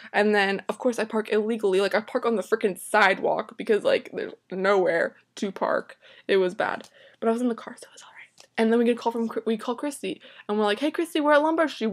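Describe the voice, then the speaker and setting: Exasperated young woman telling a story. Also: on the high side. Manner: dramatic, exasperated, swears freely, lots of "like". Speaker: vlogger. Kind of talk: casual storytelling vlog.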